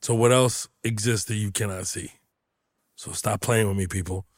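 A man hosting a comedy podcast, joking loudly and profanely in casual chat. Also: fairly low pitch, moderate pace, dry recording, clean studio sound. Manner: loud, profane, animated joking. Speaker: podcast host.

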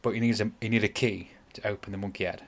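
A man's voice: fairly low pitch, steady tone, quick pace. A man, casually retelling a game's plot on a podcast, rambling and apologizing as he goes. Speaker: podcast host. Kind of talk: casual chat.

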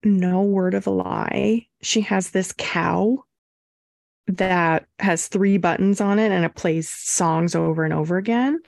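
A young woman co-hosting a podcast, telling a story in a casual, animated way and acting out quotes. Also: fairly low pitch, slow pace, vocal fry, no echo, studio quality. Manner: animated, acts out quotes with swearing and laughs. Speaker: podcast co-host.

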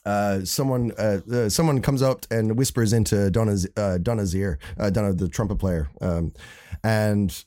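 A man's voice: on the low side, moderate pace, dry recording, studio quality. A man with an Irish accent, a guest telling stories in a casual chat, rambling and acting out the quotes he tells. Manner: rambling, animated, acts out quotes. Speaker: podcast guest, saxophonist.

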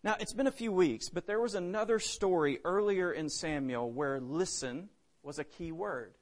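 Male preacher, high voice, dynamic delivery with big swings in volume. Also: normal speed. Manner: dynamic, swings between loud emphasis and hushed drops. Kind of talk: sermon.

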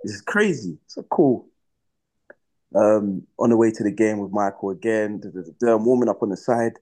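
Animated young footballer telling stories. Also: male voice, fairly low pitch, normal speed. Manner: animated, slangy, acts out his own past reactions. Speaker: guest footballer. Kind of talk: casual storytelling in a podcast interview.

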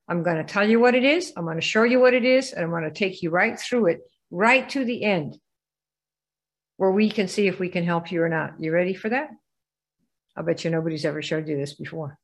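A woman running a business training session, speaking in a voice of ordinary pitch for a woman. She peppers the room with questions and demands yes-or-no answers. Her tone stays direct and persuasive. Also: fairly bright tone. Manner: rhetorical, quizzes the audience. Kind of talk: live training presentation.

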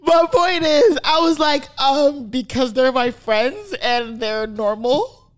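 A woman's voice: high voice, takes it slowly. A young woman co-hosting a podcast, telling stories in casual chat, full of "like"s and swearing freely. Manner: animated storytelling, swears freely, many "like"s. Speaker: podcast co-host.

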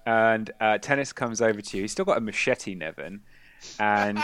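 A man's voice: fairly low pitch, normal speed. A man narrating a tabletop role-playing game as game master, telling the scene with laughs. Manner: laughing, animated storytelling.

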